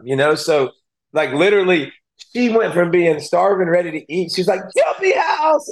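Earnest man telling a heartfelt story. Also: on the high side. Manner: earnest, emotional storytelling with many restarts. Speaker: guest, former football player and analyst. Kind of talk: casual interview talk.

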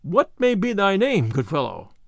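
A man's voice: high voice, wildly swooping pitch, normal speed, creaky, no room sound, studio quality, full character voice. A man voicing a proud, bruised male outlaw leader in a storybook reading, speaking in hearty, archaic phrases.

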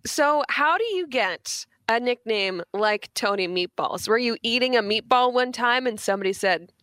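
A woman's voice: a little high, lively intonation, fairly bright tone, no echo. Chatty woman radio co-host. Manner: chatty, reading out a list with quick asides. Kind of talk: casual radio chat.

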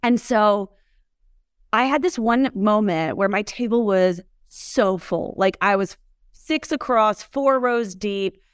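A woman's voice: mid-range voice, slow, clear, resonant tone, no echo, clean studio sound. A woman guest telling stories in a casual interview, chatty and laughing often. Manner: chatty, lots of filler words, laughs while telling stories. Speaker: interview guest, whiskey brand founder.

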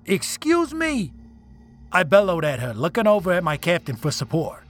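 A man's voice: a little high, expressive, fast talker, faint music behind. Man narrating a dramatic first-person story. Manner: dramatic, emotional reading.

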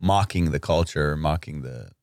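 A man's voice: rumbling low, normal speed, vocal fry, darkish tone, dry recording, studio quality. A man co-hosting a casual chat, laid-back and stammering a little, who often says "dude". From Iran.

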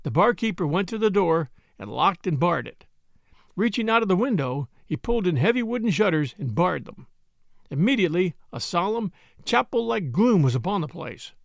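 Man reading a story with a gravelly voice. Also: high voice, moderate pace, dry recording, clean studio sound. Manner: expressive, varied reading. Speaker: narrator. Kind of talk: scripted storybook narration.

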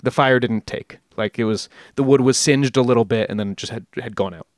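A man's voice: medium pitch, a little fast, no echo, studio quality. A man hosting a podcast, telling a story in a casual, rambling way with jokey asides and frequent self-corrections. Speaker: podcast host.

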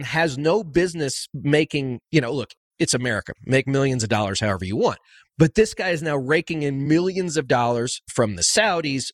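A man hosting a podcast, his pitch rising and falling a lot as he talks. The sound is close and dry, and his casual, wry remarks keep the interview moving. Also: dry recording. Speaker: podcast host. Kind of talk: conversational interview.

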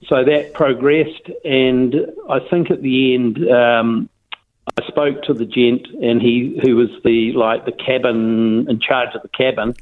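New Zealand man on a tinny phone line. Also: medium pitch. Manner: rambling, with restarts and fillers. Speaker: interviewee. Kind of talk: phone interview, casual storytelling.

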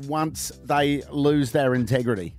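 A man's voice: medium pitch, measured pace, a little mellow, faint music behind. A man, hosting breakfast radio with jokey, self-mocking banter.

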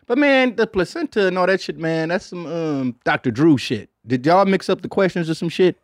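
A man's voice: a little high, animated, normal speed, dry recording, studio quality. A man hosting a comedy podcast in a loose, profane, laid-back way, ending most phrases with "man" and reading out listener messages. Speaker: podcast host. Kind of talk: casual comedic podcast chat.

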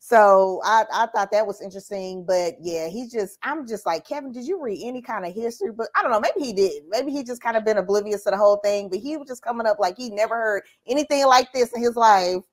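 A woman co-hosting a podcast, talking in a loose, slangy, animated way. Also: mid-range voice, a little fast, hardly any pauses. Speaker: podcast co-host. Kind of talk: casual podcast discussion.

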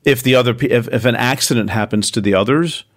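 A man's voice: medium pitch, fast talker. A man co-hosting a podcast, explaining in a conversational way, with easy laughs and verses read aloud. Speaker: podcast co-host. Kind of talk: casual explanatory chat.

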